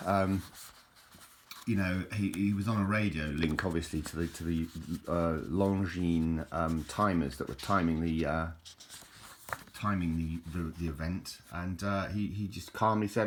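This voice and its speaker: Deep-voiced chatty Englishman. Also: normal speed, slight background noise. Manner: chatty, hesitant, with frequent restarts. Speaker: video host. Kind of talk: casual rambling commentary over photos.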